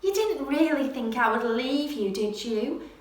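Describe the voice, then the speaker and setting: A woman voicing a loving, calm mother owl in a storybook reading, soft and soothing. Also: sits high, a little slow. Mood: tender. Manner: gentle, soothing. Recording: very echoey room.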